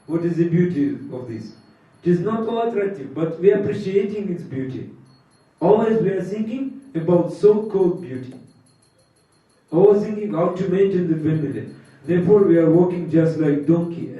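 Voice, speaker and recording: Man, spiritual teacher's sermon, mellow voice, halting delivery, heard from a distance in a very echoey, muffled room. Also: fairly high pitch. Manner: halting, many pauses and fillers, laughs at own jokes. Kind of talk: sermon with storytelling.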